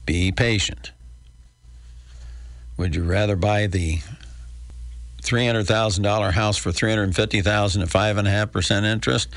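A man's voice: fairly low pitch, steady tone, moderate pace, pauses often, no echo. An older man hosting a real estate radio show in a folksy, chatty way with wry asides. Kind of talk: casual radio talk with a live ad read.

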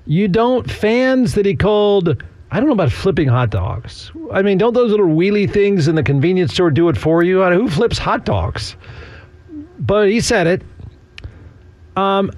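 A man's voice: high-pitched, expressive, normal speed, darkish tone, no room sound. A man hosting a sports talk radio show, chatting casually in a sarcastic, rambling way with frequent chuckles.

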